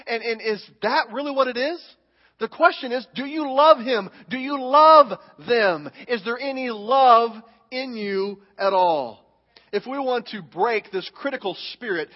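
High-voiced pastor preaching in a reverberant hall. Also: male voice. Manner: animated, acts out quoted voices of churchgoers. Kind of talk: sermon. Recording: muffled hall with long reverb.

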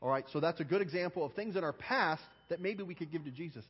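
High husky pastor in a reverberant hall. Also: male voice, fast talker. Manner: coaxing, asks many questions, repeats words at starts. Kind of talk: children's sermon with audience questions. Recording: long hall reverb, dull lo-fi sound.

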